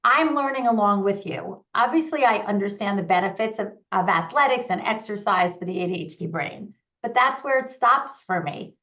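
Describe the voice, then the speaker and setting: A woman hosting a live online conversation as a parenting coach, upbeat and eager, rattling off points in quick runs. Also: mid-range voice, animated, a bit bright, dull audio.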